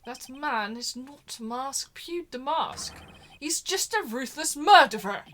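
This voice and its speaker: A woman's voice: sits high, lively intonation, takes it slowly, fairly bright tone, slight background noise, exaggerated voice. A woman voicing an earnest young male defense attorney, reading game dialogue aloud in a subdued tone.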